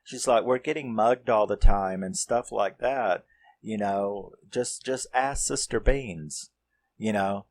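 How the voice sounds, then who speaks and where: A movie reviewer with a fairly low voice takes his time recounting the story of a horror comedy. He's casual and rambling, curses freely, and performs the characters' quotes himself.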